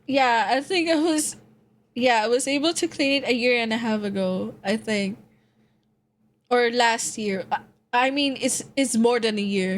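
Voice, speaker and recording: A woman live-streaming as a VTuber, her voice sitting a little high and her delivery unhurried and drawn out. She giggles often, swears freely and repeats her phrases as she chats to viewers and friends. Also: slight background noise. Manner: talks to chat and friends while setting up a game. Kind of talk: casual live-stream chat.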